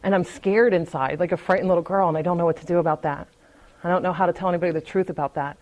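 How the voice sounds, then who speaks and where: A woman's voice: lowish voice, fairly even intonation, rapid-fire, a little mellow, dull audio. A woman speaks frankly at a recovery meeting in a loose, conversational way. She restarts her sentences and repeats words as she goes. Light laughs come between her thoughts. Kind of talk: personal recovery talk at a meeting.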